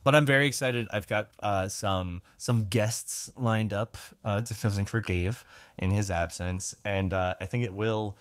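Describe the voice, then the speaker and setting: A man's voice: fairly low pitch, a little slow, dry recording. A man co-hosting a casual podcast from his own room, easygoing, laughing often and talking with hesitant fillers. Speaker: podcast co-host. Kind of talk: casual chat. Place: own room, recording remotely. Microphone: remote recording app.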